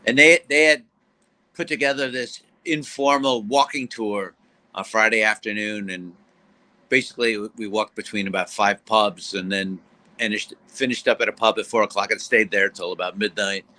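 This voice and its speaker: A man co-hosting a sports call-in show, chatting casually and telling stories with lively impressions of other people. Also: on the low side, moderate pace, low-quality recording. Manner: storytelling with lively mimicry of others. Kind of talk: casual chat.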